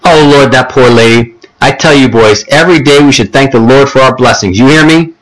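A man's voice: mid-range voice, a little fast, a bit bright, close to an everyday voice, poor audio. A man voicing a firm, caring woman babysitter who scolds the boys in an audiobook. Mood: scolding.

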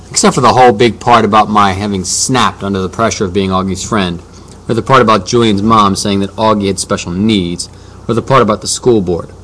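A man reads a storybook aloud in the first person, with a lowish voice. He tells it casually, like a boy recounting his school day. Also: fairly bright tone. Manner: conversational, boyish storytelling. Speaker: audiobook narrator.

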